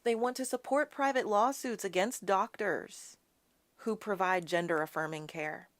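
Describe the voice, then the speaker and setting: Speaking at normal speed in a mid-range voice, a female host of a live political talk show launches into an impassioned rant. She calls her viewers "y'all" and quotes her opponents, mocking them sassily.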